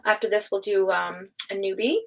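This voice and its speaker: A woman hosting a live tarot stream, chatting casually with viewers, laughing often and speaking of energy and higher self. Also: steady tone, normal speed, vocal fry, noisy background. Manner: chatty, reads out chat names and laughs often.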